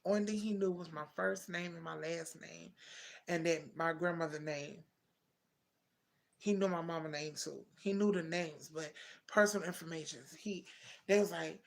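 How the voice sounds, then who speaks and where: A young woman with a gravelly, fry-laden voice tells a personal story to her livestream viewers. She talks in a heartfelt, rambling way and often stops to correct herself. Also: on the low side, fairly even intonation, moderate pace. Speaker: livestream host. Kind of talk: casual storytelling.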